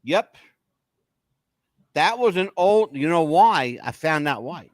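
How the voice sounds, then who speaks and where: A man co-hosts a casual podcast, his slightly high voice swinging widely in pitch as he jokes. He talks emphatically and keeps swearing he isn't making things up. The sound is close and dry. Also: lively intonation, slow pace, dry recording. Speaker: podcast co-host. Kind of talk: casual chat.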